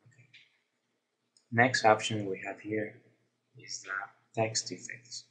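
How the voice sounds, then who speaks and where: A man narrating a screen-recorded software tutorial, explaining each step in a plain, unhurried way. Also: on the low side, flat delivery, a little hiss or hum, low-quality recording.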